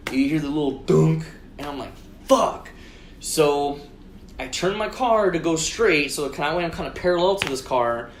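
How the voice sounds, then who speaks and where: A man co-hosting a podcast, telling a story in casual chat, swearing constantly and acting out his own shouted lines. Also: on the high side, animated, normal speed, a little hiss or hum. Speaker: podcast co-host. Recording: roomy echo.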